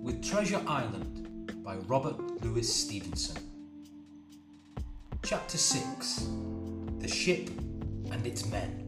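A man hosting a podcast and narrating a story in an expressive reading voice. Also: mid-range voice, slow pace, long pauses, over loud music. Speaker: podcast host and reader. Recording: roomy echo.

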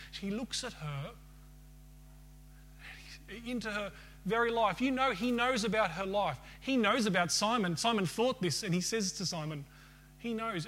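Preacher giving a sermon, higher-pitched man. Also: a bit bright, a little hiss or hum. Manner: asks the congregation questions and leads a closing prayer.

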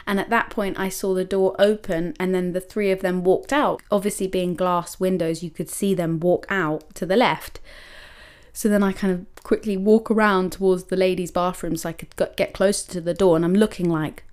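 A young woman hosting a podcast, telling a personal story in a lively, chatty way full of "like" and acted-out quotes of herself. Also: on the low side, normal speed. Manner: animated, many likes and quoted self-talk. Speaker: podcast host.

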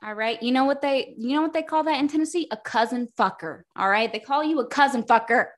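A woman's voice: high voice, quick pace. Foul-mouthed ranting woman podcaster. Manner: profane, ranting, dramatic read-aloud of quotes. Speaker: podcast co-host. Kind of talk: casual book-club podcast chat.

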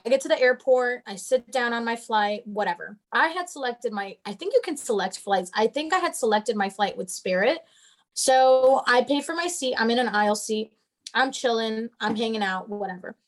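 A young woman with a high, bright-sitting voice tells a story in a loose, chatty way. She is animated and sassy, swearing freely as she goes. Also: moderate pace. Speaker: storyteller guest. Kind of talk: casual storytelling chat.

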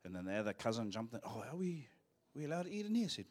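A male pastor with a New Zealand accent, preaching a sermon in a church and telling cheeky, joking stories, acting out quotes in a louder voice. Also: medium pitch, big pitch swings, rapid-fire. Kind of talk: sermon with storytelling.

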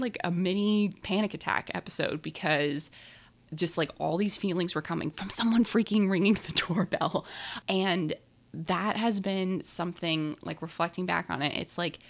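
A young woman co-hosting a podcast, telling a personal story in a rambling, animated way with lots of fillers. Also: lowish voice, vocal fry. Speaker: podcast co-host. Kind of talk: casual podcast chat.

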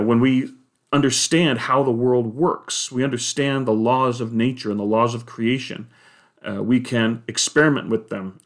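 A man giving a measured, explanatory monologue on faith and science, with the odd hesitation. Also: medium pitch. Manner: measured, explanatory, with occasional filler "uh".

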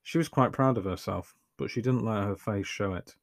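A man's voice: on the low side, moderate pace, few pauses, dry recording. A man reading a story aloud with dry, wry, profane humour. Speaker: narrator.

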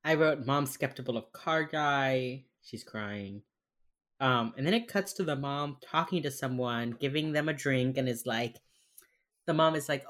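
Low-voiced woman casually recapping a show. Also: unhurried. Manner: wry storytelling, heavy use of "like". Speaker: podcast co-host recapping a TV episode. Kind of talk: casual chat.

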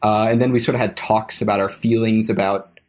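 A man's voice: fairly low pitch, steady tone, a little fast. A young man telling a story as a podcast guest, hesitant, with frequent restarts and trailing phrases. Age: young adult. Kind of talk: casual conversational storytelling.

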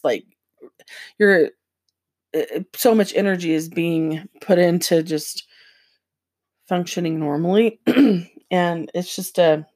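Earnest rambling woman, lowish voice. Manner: rambling and halting, heavy use of filler words; earnest and emotional, voice dropping quiet at hard moments. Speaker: vlogger sharing personal experience. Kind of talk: casual personal storytelling.

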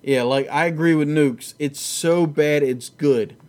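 A man's voice: fairly high pitch, a little slow, a little mellow. A man hosting a casual, profane chat about fights, rambling and laughing easily. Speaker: podcast host.

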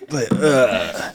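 A man co-hosting a casual comedy podcast, rambling through a bit and laughing often. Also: mid-range voice. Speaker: podcast co-host.

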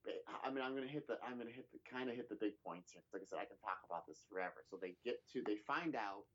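A man's voice: fairly low pitch, fast. Guy chatting about an episode, lots of ums and restarts, kinda muffled lo-fi sound. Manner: rambling, many fillers and restarts. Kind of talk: casual chat recapping a TV episode.

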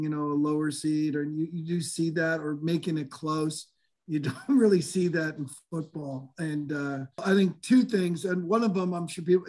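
Rambling high-voiced man talking sports. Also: a little mellow. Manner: rambling, many fillers and restarts. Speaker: sports analyst guest. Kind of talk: casual sports talk.

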